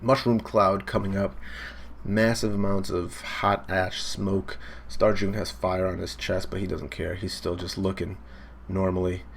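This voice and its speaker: A man's voice: deep voice, flat delivery, measured pace, gravelly, slight background noise. A young man hosting a casual live manga reaction, laid-back and full of fillers as he recaps and reads panels aloud. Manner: laid-back, filler-heavy, briefly acting out character shouts.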